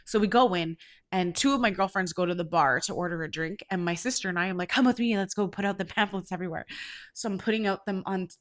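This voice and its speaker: A congested woman in her forties, a podcast host telling a story casually, swearing and rising to loud outrage. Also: on the low side, fast talker. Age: 40s.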